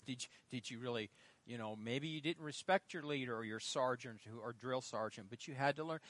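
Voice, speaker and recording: A middle-aged male pastor preaching a sermon, telling stories with loud emphatic lines and quiet asides. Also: medium pitch, moderate pace, dry recording. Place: church.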